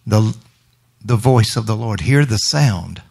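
A man's voice: lowish voice, lively intonation, slow, creaky, a little mellow, husky. A male minister giving a spontaneous, reflective sermon during worship and quoting scripture.

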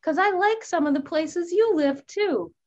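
A woman's voice: expressive, measured pace, lo-fi sound. A woman voicing a cheerful female songbird in an educational role-play, with a folksy, bubbly manner. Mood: thoughtful. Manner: folksy, bubbly, high put-on voice.

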